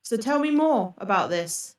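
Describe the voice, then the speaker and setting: A woman's voice: mid-range voice, expressive, moderate pace, recorded from a distance. A woman streamer ranting furiously on a live reaction stream, swearing and throwing accusations.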